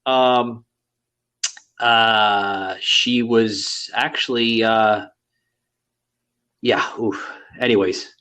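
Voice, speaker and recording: A man's voice: fairly low pitch, fairly even intonation, very slow, long pauses, sharp tone. A man hosting a podcast in casual, crude banter, rambling with many fillers. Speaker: podcast host.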